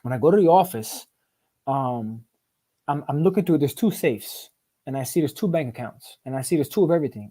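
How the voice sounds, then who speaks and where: Fast-talking, slangy man telling his story. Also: a little high, animated, mellow. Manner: profane street slang, keeps tagging "right?"; repeats and restarts words in quick bursts. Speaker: guest. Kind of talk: casual storytelling interview.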